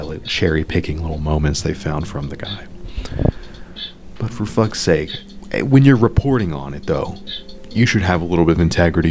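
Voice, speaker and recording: A man's voice: rumbling low, darkish tone, a little hiss or hum. A man hosting a podcast, giving blunt, profane, sarcastic commentary on an article he reads aloud, stumbling over restarts when worked up. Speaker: podcast host.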